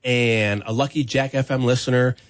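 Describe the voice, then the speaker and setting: A man's voice: mid-range voice, steady tone, moderate pace. A man hosting a morning radio show, chatty and upbeat, often laughing. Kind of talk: casual radio banter. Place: radio studio.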